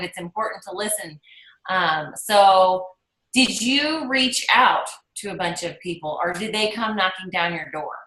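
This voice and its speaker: A woman's voice: fairly low pitch, pushed and bright. A woman hosting an interview, affirming and encouraging her guest. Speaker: host. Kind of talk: casual interview. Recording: echoey room.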